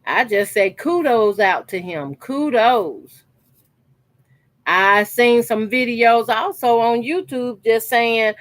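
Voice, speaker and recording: A woman's voice: fairly high pitch, lively intonation, takes it slowly, no echo. A woman, chatting casually to her viewers while she cuts fabric scraps for a quilt, emphatic and repetitive. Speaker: sewing channel host. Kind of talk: casual chat while sewing. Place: her sewing corner at home.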